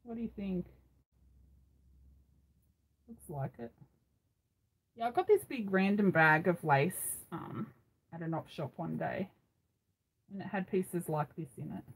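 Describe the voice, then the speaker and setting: A woman's voice: lowish voice, animated, unhurried, vocal fry, pauses often, husky, poor audio. A middle-aged Australian woman hosting a craft live stream, chatting casually and rambling with frequent ums, recorded on a phone. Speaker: craft channel host.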